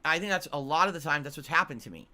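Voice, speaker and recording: A man's voice: on the high side, lively intonation, rapid-fire, bright, forceful tone. A man, a longtime YouTuber and streamer, ranting to his viewers in a blunt, profane way and often tagging his points with a question. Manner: blunt and profane, keeps asking "right?".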